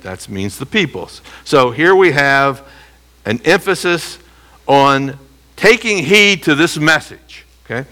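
A forceful, bright-voiced man leads a Bible lesson, walking through the text verse by verse. He sits a little high in pitch for a man and keeps pulling listeners in with rhetorical questions. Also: lively intonation, slow. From United States. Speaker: Bible teacher.

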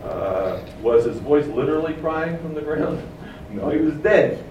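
His voice is a little high and a little mellow, with lively intonation and a slightly slow delivery, as he explains a passage in a sermon and asks the room questions. The recording is muffled, with some hiss or hum, a distant mic, and echo.

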